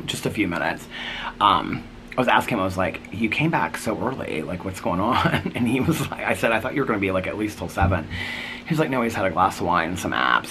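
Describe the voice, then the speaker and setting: Low-pitched and gravelly with a sharp tone, this man's voice comes with a little hiss or hum. He is a middle-aged vlogger casually recounting his day from his front porch in a daily vlog, quoting back-and-forth exchanges.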